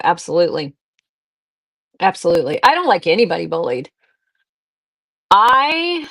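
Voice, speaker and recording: Rambling, lower-voiced woman live-stream host. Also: fairly bright tone. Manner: rambling anecdotes, restarts and fillers, talks to viewers. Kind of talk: casual chat on a live stream.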